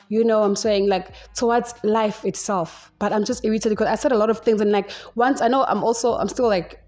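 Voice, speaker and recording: Talking unscripted in a loose, chatty monologue, this young South African woman runs her own solo podcast. She has a medium-pitched, slightly mellow voice.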